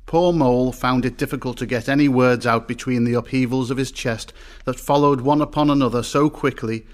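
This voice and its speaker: A man giving measured, expressive storybook narration. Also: mid-range voice.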